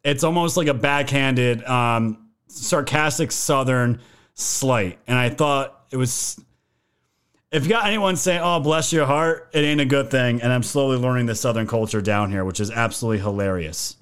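A man's voice: medium pitch, normal speed, a bit bright, clear, resonant tone. A man hosting a podcast, giving casual political commentary in a joking, profane way. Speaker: podcast host.

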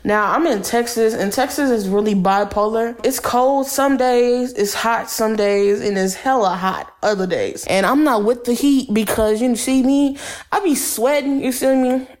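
A woman's voice: medium pitch, darkish tone. Blunt, chatty woman podcast host. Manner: blunt, candid, slangy and chatty. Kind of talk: casual solo podcast monologue.

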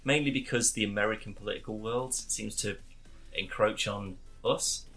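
A man chats casually with a wry, self-mocking edge. His voice is lowish yet bright and forceful. He talks like a co-host trading jokes. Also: moderate pace, soft background music. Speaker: podcast co-host. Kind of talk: casual chat.

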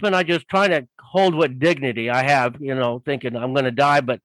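A man's voice: mid-range voice, steady tone, a little fast, a bit bright, no echo, rough recording. A man telling a story casually as a guest author, rambling with many fillers and doing voices for the people in it.

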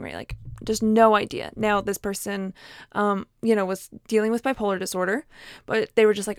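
Chatty, frank woman with a higher voice. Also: fairly even intonation, normal speed, no echo, clean studio sound. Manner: chatty, many fillers and restarts; frank, personal, laughs at herself. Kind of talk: casual talk to camera.

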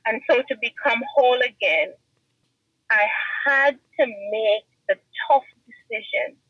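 A woman's voice: a little high, fairly bright tone, breathy edge, no echo, poor audio. A woman guest giving an earnest, emotional personal testimony in an interview. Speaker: podcast guest.

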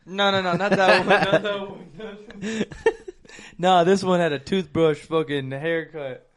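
A man's voice: high-pitched, fairly even intonation, takes it slowly. A young man telling crude, profane stories in casual chat with friends, laughing often. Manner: rowdy, profane, laughing storyteller.

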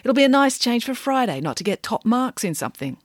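A woman's voice: on the high side, very animated, fairly quick, no room sound, studio quality, pitched above the performer's own voice. A woman voicing a sardonic, mischievous schoolboy who talks in a sarcastic, teasing way, read in a storybook.

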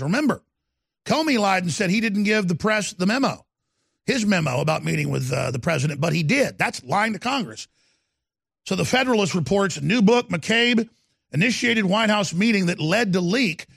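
A male radio talk show host delivering a fiery political monologue, ranting emphatically and swinging from low growls to sudden loud outbursts. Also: animated, moderate pace, gravelly, no echo, studio quality.

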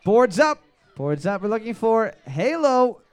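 Guy hosting bar trivia, high clear voice, crude jokes, repeats each question. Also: sing-song, unhurried. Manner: crude joking, reads questions twice. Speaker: trivia host. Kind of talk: comedic trivia night hosting.

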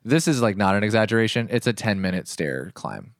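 A man's voice: lowish voice, brisk, gravelly, no room sound, studio quality. A man co-hosting a podcast, joking and chatting casually, with some swearing. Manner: jokey, animated, casual swearing. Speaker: podcast co-host. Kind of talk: casual travel chat.

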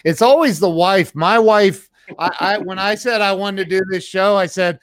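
Man, podcast host, smooth resonant voice, dry sound, slightly high. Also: moderate pace, hardly any pauses, no room sound. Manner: responsive listener, short affirmations. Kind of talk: casual interview chat.

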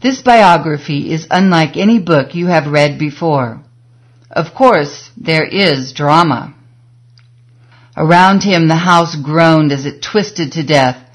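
Measured woman audiobook narrator. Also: deep voice.

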